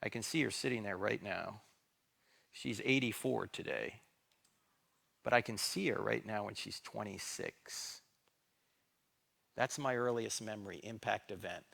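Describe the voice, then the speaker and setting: A man's voice: on the low side, a little slow, creaky, pauses often, fairly bright tone. A middle-aged man giving a talk in a church, dramatic and sarcastic, acting out bits of dialogue. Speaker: guest speaker. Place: church sanctuary.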